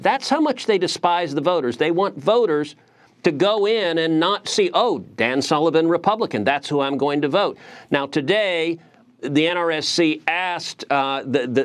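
Middle-aged male senator guest: forceful, indignant delivery with stuttered restarts, voice a touch high. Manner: forceful, indignant, repeats words when starting. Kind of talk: political TV interview.

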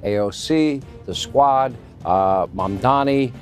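Brisk, sarcastic male news host. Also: mid-range voice. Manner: brisk, sarcastic, lists rapidly. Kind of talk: cable news interview. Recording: dry studio mic with faint music.

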